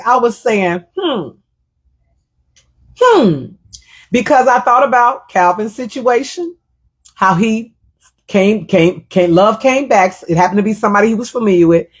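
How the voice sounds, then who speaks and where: A woman's voice: fairly high pitch, expressive, unhurried, slightly rough. A middle-aged woman hosting her own show, telling a personal story in a reflective, emotional way and repeating her phrases. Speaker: show host.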